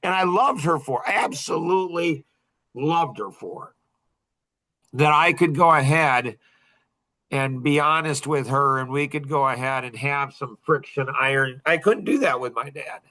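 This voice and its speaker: A man's voice: on the high side, unhurried, sharp tone. A middle-aged man in casual podcast chat, rambling with many fillers and restarts and laughing often. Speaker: podcast guest.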